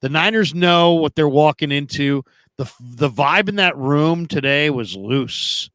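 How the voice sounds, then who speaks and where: A middle-aged man hosting a sports call-in show, telling lively stories with acted-out quotes. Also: a little high, measured pace, no echo. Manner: animated storyteller, acts out quoted voices. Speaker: sports talk show host.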